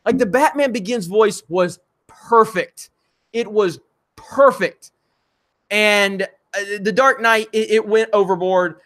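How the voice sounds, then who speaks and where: Speaking slowly in a voice that sits high and a bit bright, a man hosts a casual live stream. He reads viewer super chats aloud, laughs often, and talks loosely with many fillers.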